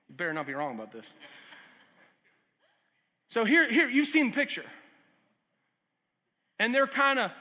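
A man preaches to his congregation in an earnest, chatty way, stopping for asides and small jokes. His voice sits very high and rings bright and sharp. The sound carries a long reverb from the church hall. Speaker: pastor. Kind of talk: sermon.

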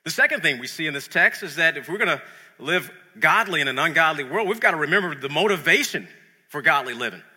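A man preaching a sermon in an animated, conversational way, often repeating words as he builds a point. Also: fairly high pitch, fast, breathy edge, long reverb tail.

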